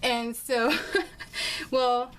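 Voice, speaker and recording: A young woman with a fairly high voice tells a story casually, giggling often. She acts out the lines people said and keeps the telling lively. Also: extremely slow, a little hiss or hum. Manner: giggly, animated, acts out quotes. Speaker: crafting vlogger.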